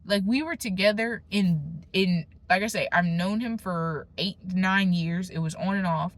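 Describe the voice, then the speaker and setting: Young adult woman, casual testimony vlogger, emphatic and chatty with restarts, swings between lively bursts and hushed lows. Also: measured pace. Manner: emphatic, conversational, with slangy asides and restarts. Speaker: faith vlogger.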